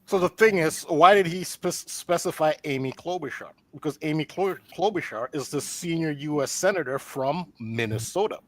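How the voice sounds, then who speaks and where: On a casual online roundtable, a male guest earnestly explains a theory he's presenting, often restarting his sentences. His voice is fairly high, his speed normal, and he barely pauses.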